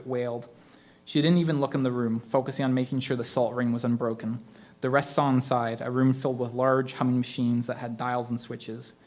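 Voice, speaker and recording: A man reads his own spooky tale aloud at an open mic, into a stage mic. His pitch sits in the middle for a man, and he tells the story in a steady, measured way.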